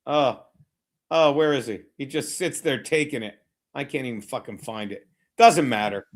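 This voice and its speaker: A man's voice: mid-range voice, moderate pace. A man live-streaming a game watchalong, swearing constantly, rambling and mocking viewers while fiddling with his browser. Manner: brash and mocking. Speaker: streamer hosting a betting watchalong. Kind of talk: live-stream commentary and chat.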